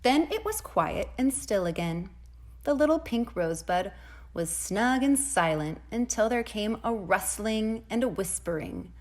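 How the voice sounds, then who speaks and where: A woman preschool teacher reads a storybook aloud to young children. Her gentle, expressive delivery rises and falls with lively pitch, and she drops to a soft hush for sound effects. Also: a little slow.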